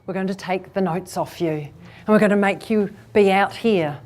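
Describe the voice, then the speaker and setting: A woman public speaking coach giving a keynote speech to a live audience. She plays out quick asides and leans on deliberate pauses and shifts in pace. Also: medium pitch. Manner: lively, acts out listeners' inner thoughts in quick asides.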